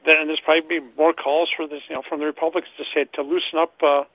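A man calls in over a tinny, phone-like line, his voice gravelly with plenty of fry and sitting a little high for a man. He rambles, circling back and repeating words as he hunts for what to say next. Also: little pitch movement, rapid-fire, no room sound. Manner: rambling, repeats words while searching for them. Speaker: caller. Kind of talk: call-in talk radio.

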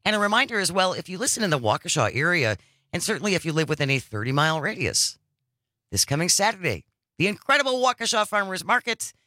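A chatty male radio host with a bright, forceful tone. He talks with eager enthusiasm, and his voice is slightly higher than most men's. The sound is close and dry. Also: very animated, quick pace, no room sound. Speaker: radio talk show host. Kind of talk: casual radio chat.

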